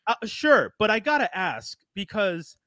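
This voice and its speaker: High bright-voiced animated man. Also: measured pace, no room sound. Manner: animated, swears freely, acts out quotes. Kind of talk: casual comic book chat.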